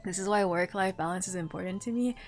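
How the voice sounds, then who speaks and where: A young woman streamer telling work stories in casual chat, animated and laughing often, with lots of filler words. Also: fairly low pitch, quick pace, soft background music.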